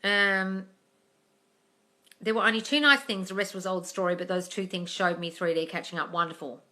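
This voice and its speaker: Bright-voiced woman swearing through a live Q&A. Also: lowish voice, steady tone, moderate pace. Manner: blunt, swears freely, calls viewers darling. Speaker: manifesting coach answering live questions. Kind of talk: casual live-stream Q&A reading comments.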